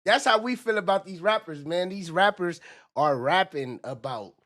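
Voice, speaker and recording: A fairly high-voiced man rants on a livestream in loose, animated bursts. He repeats himself a lot and often slips into mock voices. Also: moderate pace. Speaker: livestream commentator.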